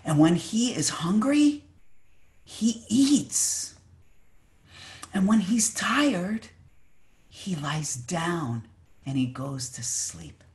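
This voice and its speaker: A preacher voicing a humble young Zen student who answers gently and politely in a sermon story. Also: mid-range voice, animated, pitched above the performer's own voice. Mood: serene. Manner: gentle, courteous, unhurried.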